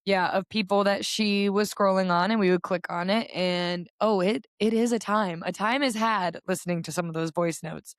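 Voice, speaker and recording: A woman's voice: mid-range voice, steady tone, moderate pace, few pauses, dry recording, studio quality. A young woman co-hosting a podcast, chatting in an upbeat way with lots of fillers. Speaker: podcast co-host. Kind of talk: casual chat.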